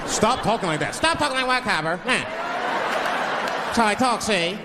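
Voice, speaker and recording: Imagine a stand-up comic slipping into an old 1940s movie gangster, clipped and swaggering, punching each line with "see?". The pitch jumps high and lively. It echoes in a large hall over loud crowd noise. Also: male voice, measured pace. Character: 1940s movie tough-guy gangster, a man. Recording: live stand-up in a reverberant hall, crowd laughter.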